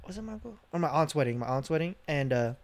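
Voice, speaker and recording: A man's voice: a little high, animated, quick pace. A young man co-hosting a casual podcast, telling childhood stories with bursts of laughter. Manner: storytelling with laughter. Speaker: podcast co-host. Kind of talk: casual chat.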